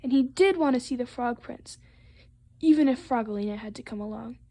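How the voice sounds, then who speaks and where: A woman reading a picture book aloud to children, expressive and playful with the sound words. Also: fairly high pitch, a little fast. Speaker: storytime reader.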